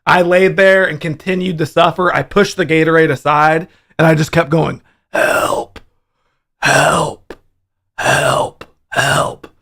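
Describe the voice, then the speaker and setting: A young man hosting a casual livestream, telling a profane, animated story about his hangover. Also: fairly high pitch, normal speed, vocal fry, few pauses. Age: young adult. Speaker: livestream host.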